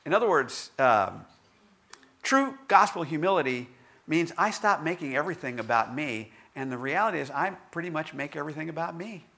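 A man giving a conversational devotional talk in a candid, self-deprecating storytelling manner, with halting restarts. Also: on the high side, lively intonation, creaky, pushed and bright. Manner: halting restarts and filler words.

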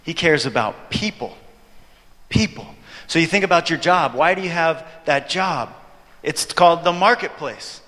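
A man preaching a sermon, telling a story with animated delivery and acting out his own reactions. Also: on the high side, moderate pace. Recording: long hall reverb.

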